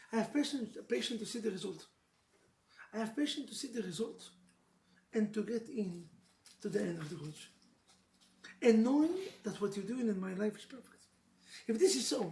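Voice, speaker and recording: A man giving an animated, emotional sermon as a rabbi, telling stories, joking with listeners and dropping Hebrew phrases. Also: very high-pitched, creaky. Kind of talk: animated sermon to a live audience. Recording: echoey room with faint noise.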